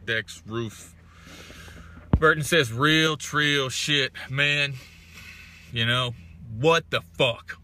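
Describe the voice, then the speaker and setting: Bright-voiced young man ranting profanely. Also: mid-range voice. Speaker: vlogger reading live chat. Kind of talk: ranting casual smoke-break chat.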